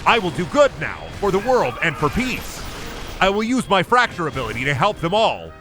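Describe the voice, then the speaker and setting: A man's voice: high-pitched, sing-song, moderate pace, over music, voice pushed up. A man voicing an earnest adult male superhero who solemnly declaims heroic vows in a raised voice.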